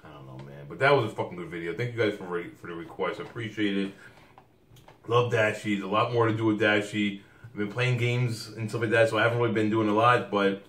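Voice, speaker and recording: A man's voice: on the low side, steady tone, fast talker, a bit bright, echoey room, distant mic. A man hosting a reaction video, talking loosely and profanely and laughing a lot. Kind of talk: casual reaction commentary.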